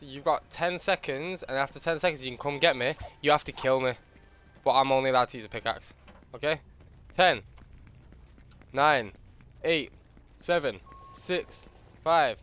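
A man's voice: on the high side, fairly bright tone. A male streamer on a live gaming stream, barking playful mock-menacing commands at another player. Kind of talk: live gaming stream with bossy role-play. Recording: game sounds and gunfire behind.

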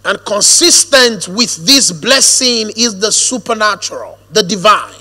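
A man preaching a sermon, shifting from hushed storytelling to a firm, drawn-out preaching cadence. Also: sits high, animated. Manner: storytelling, drops to hushed quoted asides, then rises to a firm preaching cadence. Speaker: pastor. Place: church auditorium. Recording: long hall reverb.

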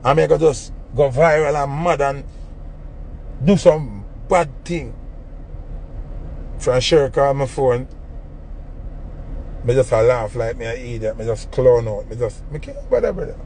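A young man with a Jamaican accent, ranting in an animated, mocking way on a casual phone livestream. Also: medium pitch, unhurried, long pauses, a little hiss or hum. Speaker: entertainer on a livestream.

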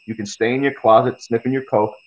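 A man's voice: mid-range voice, steady tone, quick pace, dull audio. A man, a guest fighter on a podcast interview, talking in a profane, confrontational and boastful way. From United States.

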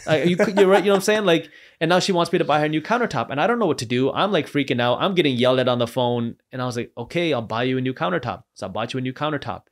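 A man on a podcast as an entrepreneur guest, telling stories with lively energy and acting out the voices of the people in them. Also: on the high side, rapid-fire, few pauses. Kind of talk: animated storytelling.

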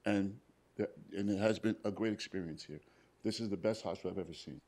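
A plainspoken man, a paramedic, recounts his own story to a live audience at a hospital event. His voice sits a little low, and he keeps slipping into quoted dialogue as he retells what people told him. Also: fairly quick, warm tone. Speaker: paramedic and cancer survivor on a panel.

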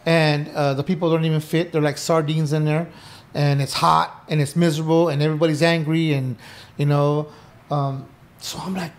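A middle-aged man speaks as a podcast guest with a somewhat high voice. He tells his story in loose, animated talk, acting out past conversations and swearing casually along the way. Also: moderate pace. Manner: animated, acts out quoted dialogue, swears casually. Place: indoor podcast room.

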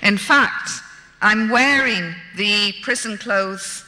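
A woman's voice: medium pitch, takes it slowly, pushed and bright. A woman telling a story of her own experience to an audience with wry, dry gallows humour. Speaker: speaker recounting her captivity. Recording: long hall reverb.

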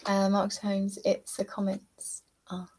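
A woman's voice: medium pitch, completely flat delivery, slow pace, darkish tone, slight background noise. A young British woman from southeast England chatting casually with viewers on a livestream, reading comments and laughing often. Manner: chatty, giggly, reads out comments. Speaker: livestream host. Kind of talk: casual chat while painting.

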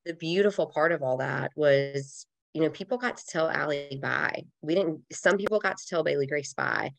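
Podcast guest: woman, thirties, low gravelly voice, earnest and reflective, close dry mic. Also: normal speed, no room sound. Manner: earnest, reflective, with casual fillers like "like". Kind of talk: heartfelt conversational interview.

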